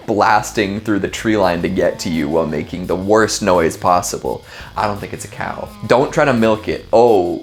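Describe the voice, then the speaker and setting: Guy rambling through clip reactions, lowish voice, laughs a lot, faint music under it. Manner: chatty, laughs often, filler-heavy. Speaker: host. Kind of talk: casual reaction commentary.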